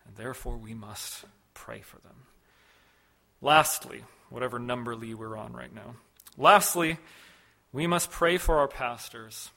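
A man preaching a sermon as a pastor, measured and emphatic, with loud stressed words and sudden soft drops. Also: mid-range voice.

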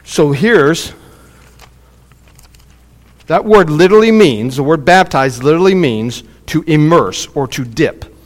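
A man preaching a sermon, teaching in an animated, emphatic way and repeating his points. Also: on the high side, unhurried, long pauses, big-room sound. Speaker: pastor.

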